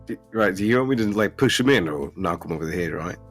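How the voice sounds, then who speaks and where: A man's voice: low-pitched, expressive, fast talker, soft background music. A man playing a crude, swearing Australian character with a put-on accent in a tabletop game. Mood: blustery. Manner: slangy and profane, ends lines with "mate" and "right". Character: brash swearing Australian bloke, crude and matey. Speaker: tabletop player.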